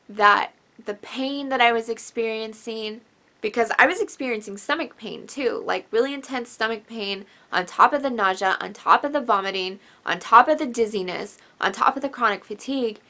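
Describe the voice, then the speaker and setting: A young woman talks straight to the camera in a bright, forceful voice, rambling through a personal story. She sounds emotional and tearful at times, sighing and apologizing as she goes. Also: a little high, expressive, normal speed. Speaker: vlogger.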